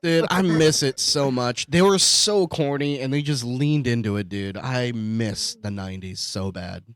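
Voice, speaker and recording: A man co-hosting a podcast in casual banter, animated, laughing often and swearing a lot. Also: mid-range voice, measured pace, smooth. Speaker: podcast co-host.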